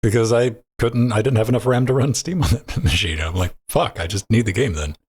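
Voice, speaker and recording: A man's voice: lowish voice, brisk, a little mellow, husky. A man co-hosting a casual gaming podcast, laid-back and slangy, calling people dude and man. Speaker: podcast co-host. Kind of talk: casual gaming news chat.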